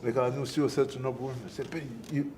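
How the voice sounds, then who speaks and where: A middle-aged man, a former boxer, telling his story in an interview. He speaks softly and haltingly, often repeating words as he recalls events. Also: medium pitch, steady tone. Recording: noisy on-site recording.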